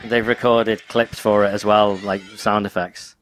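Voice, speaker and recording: A man's voice: on the low side, level tone, measured pace. A man co-hosting a casual chat, eagerly bringing up topics and teasing the others. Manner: enthusiastic, teasing, leads the topics. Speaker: podcast co-host.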